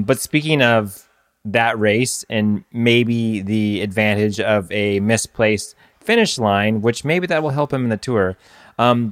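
A man co-hosting a casual podcast chat, talking in a loose, rambling way with many fillers. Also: lowish voice. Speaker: podcast co-host. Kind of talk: casual chat about cycling.

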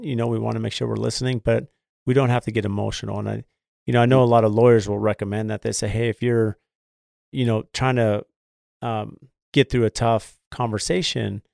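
A man hosting a podcast, talking in a relaxed, thoughtful way with many fillers. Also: on the low side, gravelly, dry recording, clean studio sound. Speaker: podcast host. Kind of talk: casual interview chat.

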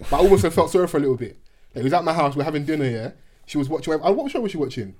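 A young man talks fast in a relaxed chat with friends. His voice sits a little high, and he jokes and leans on slang fillers. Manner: quick, joking, heavy slang fillers. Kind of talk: casual chat.

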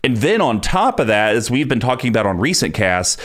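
A man's voice: medium pitch, big pitch swings, fairly quick, a bit bright. Guy hosting a card game podcast, plain mid voice, lots of "like" and "um". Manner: explanatory, uses filler words. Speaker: podcast host. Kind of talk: casual chat about a card game.

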